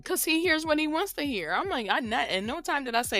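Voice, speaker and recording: A woman's voice: sits high, lively intonation, fast talker, vocal fry, few pauses, fairly bright tone, faint music behind. A middle-aged woman co-hosting a podcast, telling a long story in casual, profane chat. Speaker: podcast co-host.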